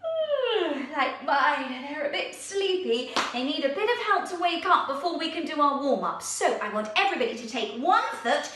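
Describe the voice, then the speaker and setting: A woman leads a children's drama lesson, bright and high-pitched with a bouncy, lively delivery. She sounds a little distant from the camera, in a very echoey room. Her tone stays encouraging and playful. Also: a little fast, hardly any pauses, background noise. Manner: animated and encouraging, with exaggerated teacher cues.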